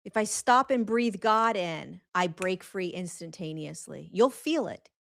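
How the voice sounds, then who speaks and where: A woman hosting a live spiritual talk show, speaking earnestly and emphatically, repeating phrases for stress and slowing right down on key words. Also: fairly low pitch, expressive, gravelly, fairly bright tone. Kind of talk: live-streamed spiritual monologue.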